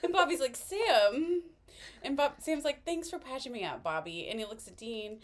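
A woman's voice: fairly high pitch, animated, moderate pace. A woman co-hosting a podcast, casually recapping an episode and acting out the characters' lines with frequent laughs. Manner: retells scenes, voicing characters' lines with laughs. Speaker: podcast co-host. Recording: household noise in background.

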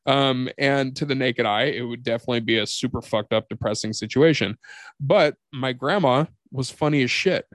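A male podcast host with a voice of ordinary pitch, talking casually and telling stories with lots of energy. He swears freely. The sound is dry and close, with no room around it. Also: moderate pace, no room sound. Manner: animated storyteller, swears freely. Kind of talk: casual chat.

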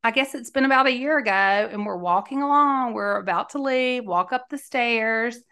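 A woman's voice: on the high side, normal speed, sharp tone, smooth. A woman, hosting a podcast and telling candid stories in a chatty, emphatic way. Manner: chatty, emphatic, laughs mid-sentence. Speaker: podcast host. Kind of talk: candid storytelling monologue.

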